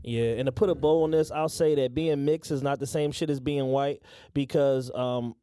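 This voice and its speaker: A man co-hosting a podcast in casual chat, chiming in with dry quick jokes and laughter. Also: medium pitch, steady tone, warm tone, slight background noise. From United States. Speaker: podcast co-host.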